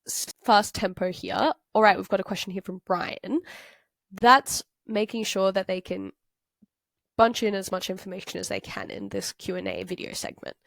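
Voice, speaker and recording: A woman's voice: medium pitch, creaky, no echo. Chatty young woman tutor, dry sound. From Australia. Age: young adult. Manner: chatty, thinks aloud with fillers and self-corrections. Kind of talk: talking through a worked example.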